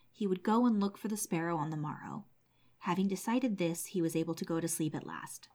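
A woman reading a fairy tale aloud as narrator, in a measured, expressive storybook manner. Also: medium pitch.

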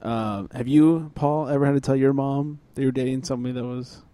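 A podcast co-host in casual chat, teasing and cracking quick jokes. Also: medium pitch, fairly even intonation, dark tone, no room sound.

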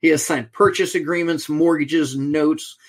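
A middle-aged man, a podcast guest, telling a story in a lively way and acting out the back-and-forth of a conversation. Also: on the high side, unhurried. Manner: animated storyteller, acts out quoted exchanges.

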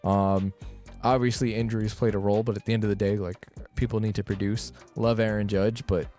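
Low-voiced man ranting about sports. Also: level tone, fairly quick, mellow, faint music behind. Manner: rambling, frustrated sports rant with fillers. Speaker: podcast co-host. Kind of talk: casual chat.

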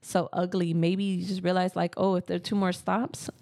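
A woman's voice: fairly low pitch, little pitch movement, normal speed, vocal fry, darkish tone. A woman co-hosting a casual spiritual podcast, telling personal stories earnestly and repeating phrases for emphasis. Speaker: podcast co-host.

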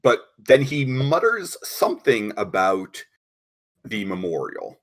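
A man narrating as game master of a tabletop game, relaxed and rambling with many fillers and restarts. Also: on the low side, slow.

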